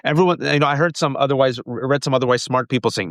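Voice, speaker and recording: A middle-aged man with a New York accent hosting a live political commentary stream, talking rapid-fire and emphatic, calling his viewers folks. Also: mid-range voice, a bit bright, no room sound, clean studio sound. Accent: New Yorker. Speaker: political commentator and show host.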